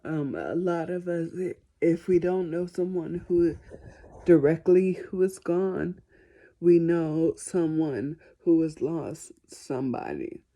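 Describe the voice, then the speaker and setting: A woman's voice: lowish voice, slow, mellow. A woman answering viewer questions in a casual vlog, chatty and self-deprecating.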